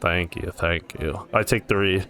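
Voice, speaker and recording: A man's voice: deep voice, fairly even intonation, measured pace, sharp tone. A man playing a tabletop game with a dry, blunt way of talking. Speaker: player.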